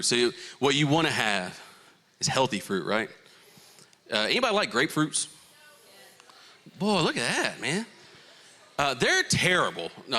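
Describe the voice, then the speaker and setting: A young Southern American man preaching a youth sermon with a bright, forceful voice. He jokes with the crowd and jumps high in pitch when teasing, then settles back into his point. He is from Florida and calls people y'all. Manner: animated, joking, playful asides to the crowd. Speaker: youth pastor.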